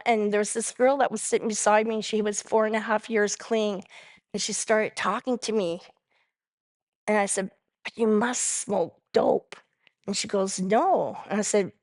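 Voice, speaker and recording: A woman's voice: mid-range voice, moderate pace, no room sound, clean studio sound. Woman telling her recovery story. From Canada. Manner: animated storyteller who acts out quoted dialogue. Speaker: main speaker at a recovery convention. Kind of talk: personal recovery testimony.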